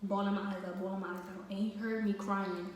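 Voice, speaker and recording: A woman's voice: mid-range voice, little pitch movement, fast talker, darkish tone, recorded from a distance. A woman chats through a casual storytime vlog, packed with fillers as she goes. She sits well back from the mic in a very echoey room, with a faint hiss of noise underneath. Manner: chatty, with many fillers.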